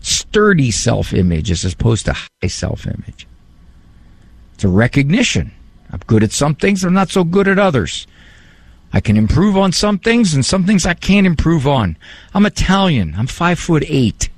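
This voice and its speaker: A man speaks as a psychologist, animated and joking, his pitch rising and falling in a lively way. The voice is gravelly and husky. It sounds close and dry. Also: normal speed, no echo. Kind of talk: talk on parenting and faith.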